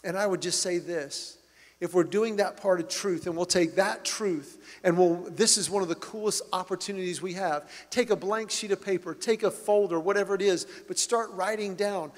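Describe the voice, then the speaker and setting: A middle-aged man preaches with a notably high voice, earnest and emphatic as he builds each point. His words ring out with the long reverb of a large church hall. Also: moderate pace. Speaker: pastor. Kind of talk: sermon.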